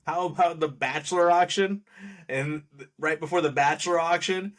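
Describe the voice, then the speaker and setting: A man's voice: on the high side, moderate pace. A man co-hosting a podcast, chatting casually about a movie with a wry, sarcastic edge and frequent laughter. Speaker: podcast co-host. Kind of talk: casual movie review chat.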